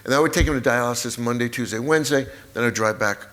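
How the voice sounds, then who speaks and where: A man in his sixties, a guest author in a live stage conversation, telling family stories with lively acted-out moments. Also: medium pitch, fast. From United States. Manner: animated storyteller, acts out family scenes. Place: auditorium stage before an audience.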